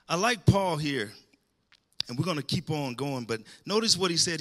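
A man's voice: on the high side, expressive, normal speed, pushed and bright. A man preaching a sermon, calling out to the congregation and rising into emphatic bursts.

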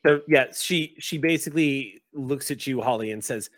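A man's voice: medium pitch, normal speed, no echo, studio quality. A man running a tabletop game, describing scenes and speaking to players, rambling with restarts. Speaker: game master.

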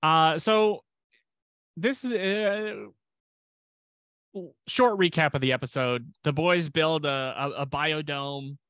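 A man co-hosts a podcast in easy, rambling chat, full of restarts and deadpan asides. His voice is crisp and smooth, recorded close and dry. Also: fairly high pitch, slow pace, long pauses, no room sound. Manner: rambling, restarts a lot, self-deprecating jokes. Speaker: podcast co-host. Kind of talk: casual chat.

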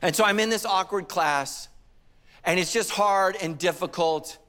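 Casting: middle-aged male pastor, high voice, animated storytelling sermon. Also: measured pace. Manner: animated storytelling with acted quotes and humor.

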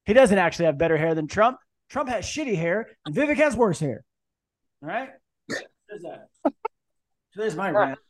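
A man's voice: sits high, very animated, normal speed, pauses often. A man hosting a podcast in casual chat, joking and ranting with lots of swearing. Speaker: podcast host.

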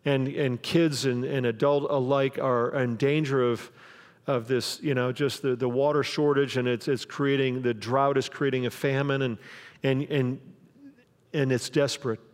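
A man's voice: medium pitch, steady tone, normal speed. A man preaching a sermon as pastor, in a conversational way, acting out the quoted voices of the people in his stories. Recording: long hall reverb.

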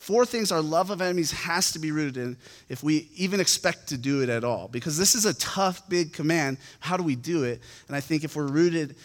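A man with a high voice delivers a sermon in the loose, chatty manner of someone telling a story, full of casual fillers. His voice rings out with a long reverb, as in a church hall. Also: animated, a little fast. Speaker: pastor.

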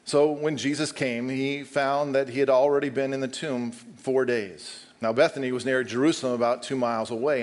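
A man preaching, who reads a long Bible passage aloud and then talks directly to his congregation. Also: mid-range voice. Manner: reads scripture steadily, then talks to the congregation and calls up a helper. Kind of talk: scripture reading and sermon.

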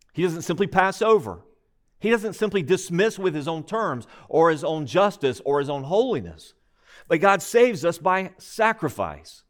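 In this sermon, a male pastor speaks with a fairly high, energetic voice. His delivery is measured yet emphatic, and he leans on rhetorical questions.

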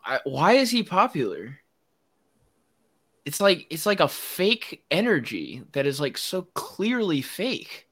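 A man's voice: fairly high pitch, wildly swooping pitch, slow pace, a bit bright, breathy edge. A man hosting a casual sports podcast, ranting with strong opinions and frequent laughs. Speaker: podcast host.

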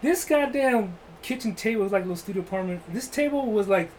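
A man's voice: sits high, expressive, quick pace, a little hiss or hum, poor audio. A man telling a rambling, crude, joking story in casual chat, full of "like" and restarts.

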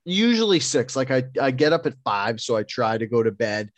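A man's voice: mid-range voice, sing-song, brisk, dry recording. A man co-hosting a podcast, chatting casually with loose, profane, joking talk. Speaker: podcast co-host. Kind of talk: casual chat.

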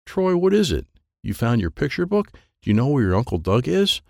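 A man's voice: mid-range voice, sing-song, moderate pace, vocal fry, dry recording, studio quality, pitched above the performer's own voice. A man reading a children's audiobook, voicing an anxious aunt who keeps firing off worried questions. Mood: puzzled. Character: frantic middle-aged woman, the aunt. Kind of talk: audiobook character voice.

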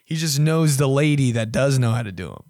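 A young man's casual podcast rant comes a little fast in a mid-range voice, loaded with swearing and animated mock voices. The host is recorded in studio quality with no room sound.

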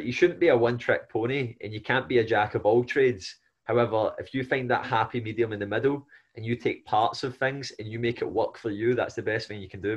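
A man hosting a casual podcast as a fellow coach, chatty and agreeable, building on his guest's points. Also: mid-range voice. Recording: dull lo-fi audio.

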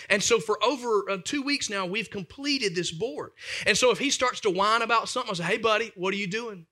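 A man in his thirties, a pastor preaching an animated, emphatic sermon full of family stories. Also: high-pitched.

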